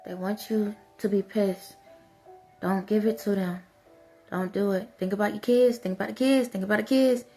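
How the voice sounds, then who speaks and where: A woman's voice: mid-range voice, steady tone, moderate pace, warm tone, faint music behind. A woman vlogger giving an impassioned spiritual monologue, repeatedly soothing and urging an unseen listener.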